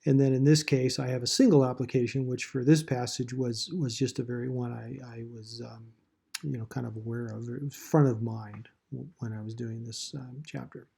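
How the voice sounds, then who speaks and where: A man teaching a Bible study lesson in a relaxed, rambling way, full of fillers and restarts. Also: medium pitch, moderate pace, vocal fry, husky. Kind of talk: recorded lesson walkthrough.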